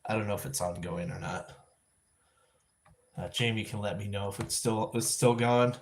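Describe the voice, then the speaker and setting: A man hosting a live vlog stream, chatting casually and thinking out loud with lots of restarts and self-corrections. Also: lowish voice, normal speed, a little hiss or hum. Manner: rambling, thinking aloud with frequent restarts. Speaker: livestream vlog host.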